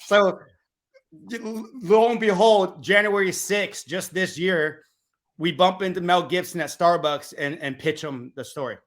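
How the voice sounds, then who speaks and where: A man who is a guest on a podcast, telling a story in an animated, casual way with some fillers. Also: high voice, unhurried.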